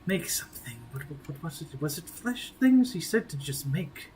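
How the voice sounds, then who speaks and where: A man's voice: mid-range voice, moderate pace, darkish tone, slight background noise, close to an everyday voice. A man voicing an old undead elf lich who stammers and mumbles in a half whisper, his mind scattered. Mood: muddled.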